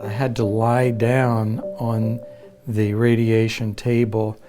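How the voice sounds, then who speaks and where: A man who teaches counseling at a university, earnestly recounting a personal experience in a reflective, measured way. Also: on the low side, flat delivery, over music. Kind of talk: personal storytelling.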